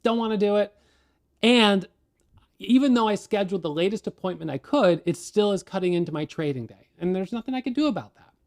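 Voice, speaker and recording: A man with a somewhat high voice tells his viewers a story in a casual, animated way. He is candid and self-deprecating as he talks through a stressful day. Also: fairly quick. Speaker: day trading educator.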